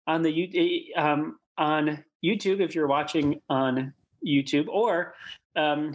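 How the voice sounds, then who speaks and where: A man co-hosting a church podcast in casual chat, upbeat and chatty with many fillers. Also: a little high. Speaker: podcast co-host.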